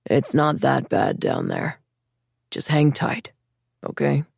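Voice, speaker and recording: A woman's voice: very deep voice, expressive, unhurried, creaky, a little mellow, breathy edge, dry recording, studio quality, voice pushed down, full character voice. A woman voicing a menacing armed male kidnapper who speaks in a scratchy whisper in an audiobook. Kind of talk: audiobook narration.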